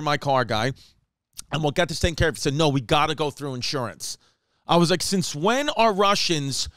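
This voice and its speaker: A man hosting a comedy podcast, telling a rambling story with animated, profane energy. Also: fairly high pitch, smooth, no room sound, clean studio sound. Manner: animated, profane, slips into mock voices and Spanish phrases. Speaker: podcast host.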